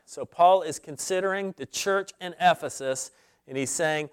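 A man preaching a sermon as pastor, teaching deliberately and stressing key words with pauses. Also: fairly high pitch, clean tone.

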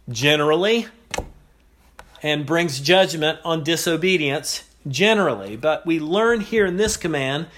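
A man preaching an expository sermon, teaching in a measured way with pauses and repeated phrases. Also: on the high side, fairly bright tone.

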